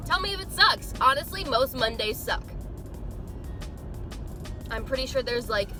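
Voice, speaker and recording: A high-pitched young woman vlogging from her car in a loose, chatty way. She jokes and laughs easily as she talks straight to her viewers. Music plays clearly in the background. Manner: chatty and playful, laughing often. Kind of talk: casual chat. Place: inside a car.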